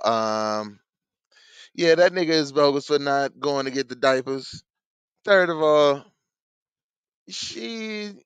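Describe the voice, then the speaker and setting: Slow, skeptical man with a smooth voice. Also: a little high, fairly bright tone, no echo, dull audio. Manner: drawn-out, skeptical takes, profane. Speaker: podcast co-host. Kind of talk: casual podcast chat.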